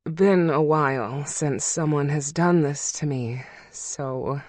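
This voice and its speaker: A narrator voicing a young woman in love, speaking soft and breathy, in a slow, dry audiobook read. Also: mid-range voice, no echo, lightly acted. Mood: breathless.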